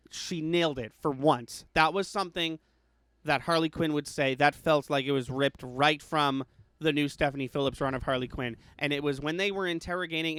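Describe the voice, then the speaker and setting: Guy rambling about movies, lots of "like", smooth clear voice, kinda high. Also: a bit bright, no room sound. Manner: rambling, many restarts and "like" fillers. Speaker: podcast co-host. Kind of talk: casual movie discussion.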